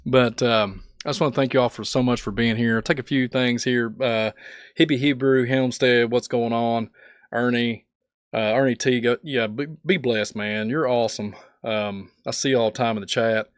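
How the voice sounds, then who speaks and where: A man with a sore, hoarse throat hosting a casual livestream, laughing often as he greets viewers in the chat by name. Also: mid-range voice, steady tone, moderate pace, dry recording, clean studio sound. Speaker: livestream host.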